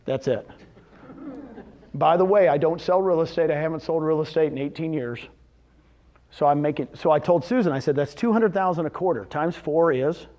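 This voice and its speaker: A man speaking live to a room of real estate agents, animated and quizzing his audience with questions, often acting out what others told him. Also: fairly high pitch, moderate pace. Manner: retells conversations in quoted voices. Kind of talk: live seminar talk.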